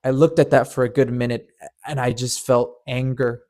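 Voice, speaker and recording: A man's voice: medium pitch, fairly even intonation, normal speed, a little mellow. A man narrating a painful personal story in an earnest, emotional way, often stammering and repeating words. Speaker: storyteller and channel host.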